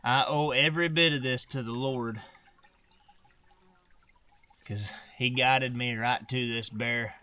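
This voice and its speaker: A man talking slowly and emotionally to the camera outdoors in the woods while bowhunting. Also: mid-range voice, steady tone, pushed and bright, clean tone. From Arkansas. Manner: slow, emotional, drawling and thankful. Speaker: bowhunter filming his hunt. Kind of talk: outdoor hunting vlog talk to camera.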